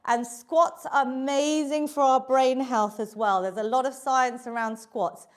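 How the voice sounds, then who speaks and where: High-pitched but unhurried, with fairly even intonation, a British fitness instructor leads a live online class from her home workout room. She counts the reps down cheerfully and encouragingly, slightly short of breath.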